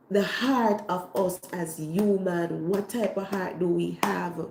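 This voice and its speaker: A Jamaican woman who hosts a cooking channel, hoarse while getting over an illness, talking casually on a livestream and repeating her phrases with heartfelt faith. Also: fairly low pitch, takes it slowly, few pauses, roomy sound, noisy background. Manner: repetitive, heartfelt, faith-filled.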